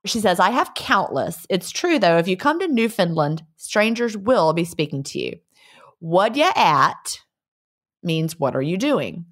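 A woman's voice: mid-range voice, big pitch swings, moderate pace, hardly any pauses. A middle-aged woman co-hosting a podcast, chatting casually, laughing and trying out regional phrases from listener letters. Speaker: podcast co-host. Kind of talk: casual chat, reading listener mail. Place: lives in a beach resort town.

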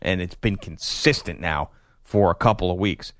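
A man's voice: sits low, moderate pace, no echo, clean studio sound. A man hosting sports talk radio, joking and laughing through casual banter with co-hosts.

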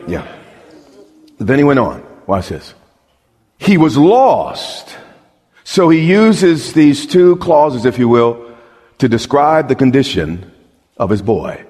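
A man's voice: fairly high pitch, darkish tone. A man preaching a sermon as pastor, emphatic, asking the crowd questions and repeating words as he builds a point. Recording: long hall reverb.

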